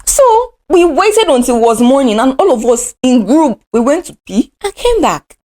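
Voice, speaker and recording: With a high voice and moderate pace, this young adult vlogger, who has a Nigerian accent, animatedly recounts a dramatic story from her life in a casual style.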